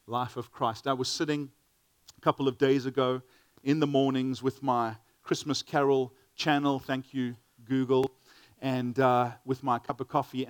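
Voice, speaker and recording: A man's voice: medium pitch, no echo. Earnest preacher man, dry close sound. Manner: earnest, repeats words when starting phrases. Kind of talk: sermon.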